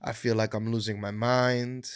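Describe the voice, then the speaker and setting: This podcast co-host is a man with a medium-pitched voice that barely moves, speaking at a moderate pace. His tone is clean, with no room sound and studio quality. He tells stories in casual chat, laughing often and swearing freely.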